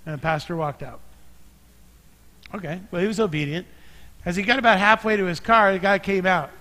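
A male pastor preaching in a relaxed, storytelling way, with quips along the way. His voice sits high and sounds bright and forceful. It rings out with a long reverb, as in a church sanctuary. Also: a little fast. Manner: conversational, joking storyteller. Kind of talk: sermon.

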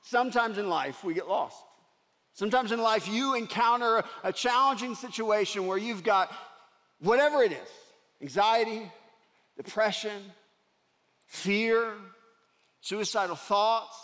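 A man preaching a sermon, telling a personal story in an earnest way that swings from loud to hushed. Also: high-pitched, unhurried, pauses often. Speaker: pastor. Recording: long reverb of a large hall.

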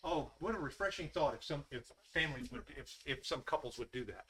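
A man's voice: mid-range voice, animated, fairly quick, a bit bright, breathy edge. A middle-aged man preaching a casual, conversational sermon full of folksy asides. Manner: folksy, conversational, with Southern "y'all". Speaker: pastor.

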